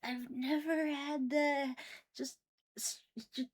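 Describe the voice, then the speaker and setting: A woman's voice: a little high, big pitch swings, slow. A woman streamer reacting to a video in casual chat, squeamish and full of exclamations.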